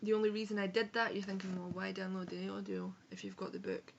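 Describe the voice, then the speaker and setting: Young Edinburgh woman, frank and chatty book vlogger, creaky edge, muffled webcam sound. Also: medium pitch, level tone, quick pace, a little hiss or hum. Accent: Scottish, Edinburgh. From Scotland. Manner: chatty, frank, sprinkled with swearing and self-corrections. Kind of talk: casual book review vlog. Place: home room on a rainy day.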